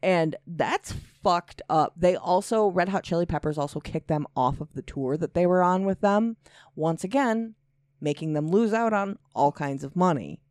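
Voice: mid-range voice, lively intonation, moderate pace, darkish tone, clean tone, no room sound, clean studio sound. Opinionated, profane podcast co-host. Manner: opinionated, swears, reads articles aloud. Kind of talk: casual podcast banter.

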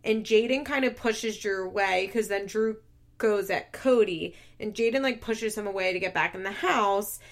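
Female podcast host with a mid-range voice, gossipy and expressive, swears freely and laughs often. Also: medium pitch, moderate pace. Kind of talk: casual reality-TV recap.

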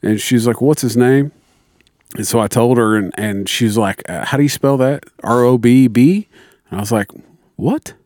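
A man's voice: medium pitch, normal speed, no room sound. A man telling a story among friends, swearing freely and acting out both sides of the exchange. His voice sits in a middle range and sounds close and dry, with no room around it. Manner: profane, animated storytelling with quoted dialogue. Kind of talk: casual chat.

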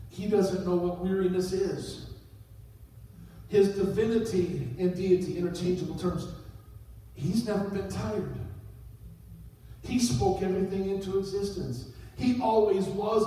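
A middle-aged man preaching a sermon as a pastor, dropping low and then rising to sudden shouted peaks. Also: a little hiss or hum. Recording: echoey hall, voice from far off.

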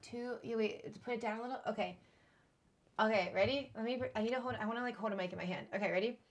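A woman's voice: fairly high pitch, fast. A woman co-hosting a podcast in casual chat, laughing often and filling with likes and ums. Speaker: podcast co-host.

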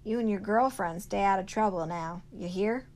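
A woman's voice: mid-range voice, moderate pace, darkish tone, lightly acted. A woman voicing a swaggering, bullying grown man who hollers in a folksy drawl. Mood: blustering.

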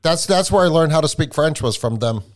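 Animated, jokey podcast host man. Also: fairly high pitch, a little fast. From New England. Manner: stammering restarts, jokey. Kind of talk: casual chat.

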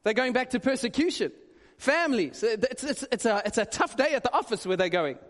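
A male pastor giving a conversational, animated sermon with quick asides. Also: very high voice. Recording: long hall reverb.

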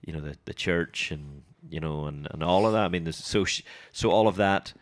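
A man, co-hosting a casual comics chat, talking in halting bursts with many restarts. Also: low-pitched, dry recording. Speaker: podcast co-host.

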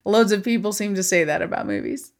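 Playful, animated female co-host for a casual movie review. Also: mid-range voice, gravelly. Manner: animated, playful, quick to laugh. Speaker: podcast co-host. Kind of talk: casual film review chat.

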